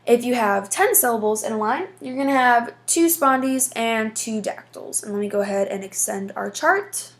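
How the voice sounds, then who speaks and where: A woman's voice: on the high side, normal speed, few pauses. A woman teaching a lesson, explaining patiently step by step with frequent fillers. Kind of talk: casual classroom explanation.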